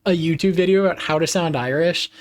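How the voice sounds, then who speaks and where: A man's voice: on the high side, quick pace. Chatty man streaming a game live. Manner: chatty, laughs often, talks to chat.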